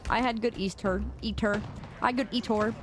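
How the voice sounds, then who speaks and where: A woman's voice: fairly high pitch, steady tone, moderate pace. A woman streaming a game, chatting playfully with her chat and laughing and protesting as she plays. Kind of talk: casual live-stream chatter.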